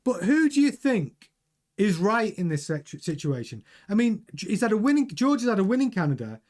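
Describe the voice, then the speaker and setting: A man's voice: sits high, very animated, a little fast, darkish tone. A man hosting a live-streamed news show, chatting casually, reading viewer comments and often restarting his words. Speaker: host.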